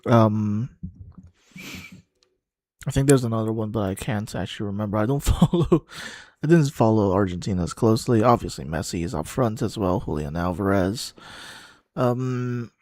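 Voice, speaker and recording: A man with a fairly low voice talks loosely over a match he is watching, pausing with ums as he thinks aloud. The sound is dry and close, with no room around it. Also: animated, darkish tone, no room sound. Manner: chatty, thinking aloud with fillers. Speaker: watchalong host. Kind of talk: casual live commentary.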